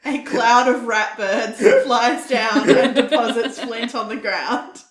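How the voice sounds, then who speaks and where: A woman's voice: a little high, slow, echoey room. A woman co-hosting a podcast, chatting casually about a film and laughing readily. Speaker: podcast co-host.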